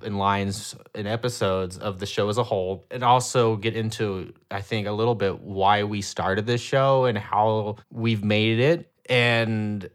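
A young man co-hosting a podcast in casual chat, enthusiastic and quick to laugh. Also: fairly low pitch, a bit bright, smooth. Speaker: podcast co-host.

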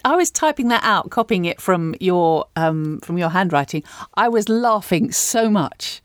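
Low-voiced enthusiastic woman interviewer. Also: lively intonation, unhurried, no room sound, clean studio sound. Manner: appreciative, enthusiastic questioning. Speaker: interviewer, host. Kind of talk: casual interview.

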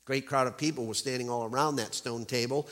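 Forceful, dramatic male preacher. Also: medium pitch, steady tone, a little fast, long reverb tail. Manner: dramatic storytelling, vivid emphasis on key words. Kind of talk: sermon. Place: church.

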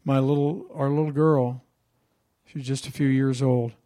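A man's voice: medium pitch, little pitch movement, a little slow, dark tone. A man preaching a sermon as pastor, telling a story in a conversational way and asking the congregation questions.

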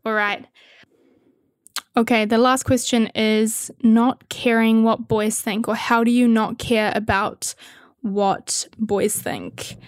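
A woman's voice: fairly high pitch, flat delivery, slow, no echo, studio quality. A young woman chatting candidly with viewers, swearing freely and laughing often. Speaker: content creator answering viewer questions. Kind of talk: casual chat with viewers.

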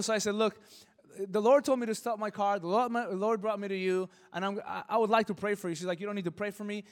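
A pastor telling a personal story in a sermon, lively, acting out the voices in it. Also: male voice, sits high, quick pace, big-room sound. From Southern California. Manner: animated, acts out voices in his stories. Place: church hall.

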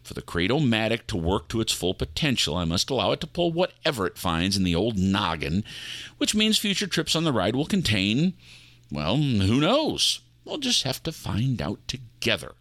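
A man hosting an audio fiction show with low, theatrical showman narration, recorded close and dry. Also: wildly swooping pitch, normal speed, fairly bright tone, no room sound. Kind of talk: theatrical spooky host narration.

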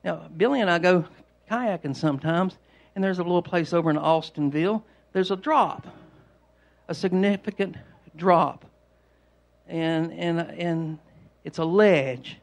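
High-voiced man preaching casually. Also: a little slow, gravelly. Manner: rambling, repetitive, homespun storytelling. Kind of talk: conversational sermon.

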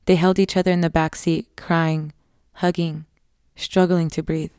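A woman narrating a scripted horror story in a measured, somber way, close to the mic. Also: low-pitched, little pitch movement, dark tone, smooth, no room sound.

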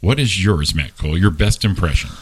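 A man hosting a podcast, running a quick quiz in a playful, joking way. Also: deep voice, animated, breathy edge. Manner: playful quizmaster, laughs often. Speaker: podcast host. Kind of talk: casual podcast interview.

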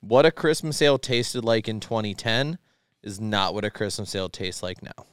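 A man's voice: fairly low pitch, lively intonation, normal speed, clean tone, no echo, clean studio sound. A man who is a guest on a podcast, chatting casually and bluntly, with wisecracking asides. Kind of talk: casual chat.

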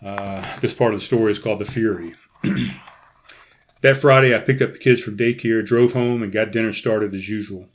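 Animated male storyteller reading his book. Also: normal speed. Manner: animated, pitch jumps up in quoted dialogue, quiet asides. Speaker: podcast host reading his own book.

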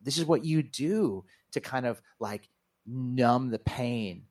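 A man with a medium-pitched voice speaks earnestly and reflectively as an interview guest. He is a pastor and author, and he talks thoughtfully in spiritual terms. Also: takes it slowly, darkish tone. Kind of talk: reflective conversation.

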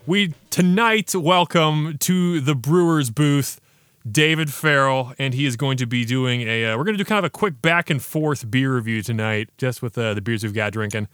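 A man's voice: medium pitch, normal speed, a bit bright, smooth, no echo, clean studio sound. A man hosting a podcast, chatting casually and enthusiastically through a beer review with slangy banter. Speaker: podcast host.

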